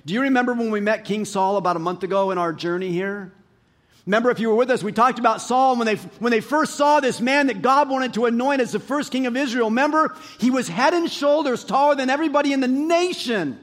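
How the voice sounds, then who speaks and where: High-pitched guy preaching, reads verses then acts out the story, gets loud then drops quiet. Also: fast. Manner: animated storytelling, swings from loud and high to low and soft. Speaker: pastor. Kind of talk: sermon.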